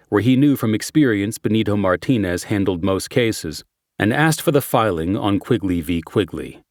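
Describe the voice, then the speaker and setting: In a low, even voice, a man narrates a crime thriller audiobook from a script at a steady, controlled pace. The sound is intimate and dry, with no echo and no room sound.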